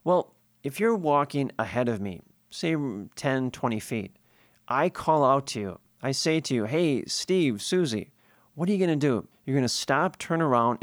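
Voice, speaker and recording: A man's voice: mid-range voice, dry recording, clean studio sound. A priest giving a sermon, explaining scripture earnestly and posing questions he then answers himself.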